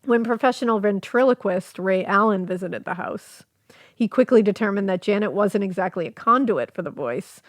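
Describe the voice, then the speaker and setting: A woman's voice: mid-range voice, normal speed, no echo, clean studio sound. Chatty woman podcast host. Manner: reads quotes, laughs easily, chatty with fillers. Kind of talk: casual storytelling podcast chat.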